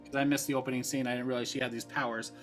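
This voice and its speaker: A man co-hosting a casual film podcast, animated and acting out scenes with little voices as he talks. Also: medium pitch, rapid-fire, soft background music. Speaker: podcast co-host. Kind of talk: casual movie discussion.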